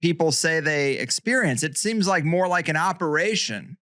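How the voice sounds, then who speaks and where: A man's voice: a little high, lively intonation, normal speed, bright, forceful tone, no room sound. Male podcast host, probing, thinks aloud, dry close-miked sound. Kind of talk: conversational podcast interview.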